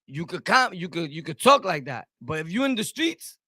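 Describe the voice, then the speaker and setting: Man, Brooklyn accent, live-stream rant, combative, dry close sound, high voice. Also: big pitch swings, moderate pace, bright, forceful tone, slightly rough, no room sound. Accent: Brooklyn New York. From Brooklyn, New York. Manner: heated, combative, repeats himself. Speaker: streamer host.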